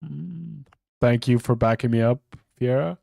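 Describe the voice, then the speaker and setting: A man's voice: mid-range voice, a little slow, gravelly, darkish tone, no echo. A man streaming and chatting casually with viewers, swearing freely and rambling off the cuff. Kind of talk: casual live-stream chat.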